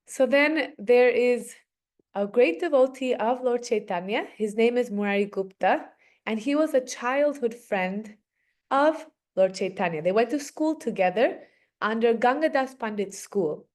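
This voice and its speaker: A woman teaching children in a casual, animated storytelling manner, with many fillers. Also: a little high, measured pace. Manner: animated, conversational, frequent fillers.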